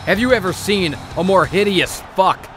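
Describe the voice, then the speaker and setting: A man's voice: high-pitched, expressive, normal speed, over music. A man doing over-the-top mock wrestling commentary with melodramatic outraged rants. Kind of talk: comedic play-by-play commentary.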